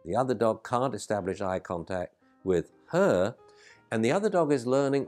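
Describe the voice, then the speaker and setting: A male dog trainer giving an animated, emphatic, conversational talk as he answers a viewer's question. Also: mid-range voice, moderate pace, soft background music.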